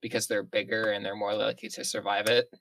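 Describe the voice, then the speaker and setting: A man at a tabletop game trading wry, deadpan jokes. His voice sits a little low, dry and close to the mic. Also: fast, vocal fry, dry recording. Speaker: player. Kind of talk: casual banter at a tabletop game.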